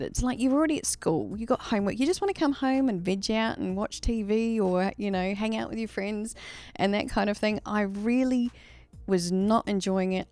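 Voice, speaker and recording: A woman's voice: fairly high pitch, a little mellow. A woman, a live-stream host, telling a childhood story in a chatty, candid way and laughing at herself. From Australia.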